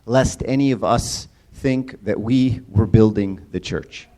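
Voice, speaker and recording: Casual church speaker, a man with a mellow, dark voice who keeps tossing questions to the room. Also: fairly low pitch, takes it slowly. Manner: casual, engages audience with questions and repeated "right?". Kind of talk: conversational sermon talk.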